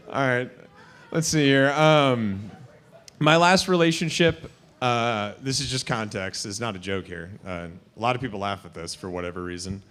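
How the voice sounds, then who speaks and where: A man's voice: mid-range voice, measured pace, fairly bright tone. A young man doing crude, self-mocking stand-up at an open mic, laughing at his own jokes. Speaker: stand-up comic.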